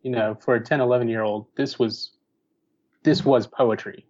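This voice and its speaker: A man in his forties, a podcast guest, chatting in a relaxed, amused way. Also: mid-range voice, moderate pace, dull audio. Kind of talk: casual chat.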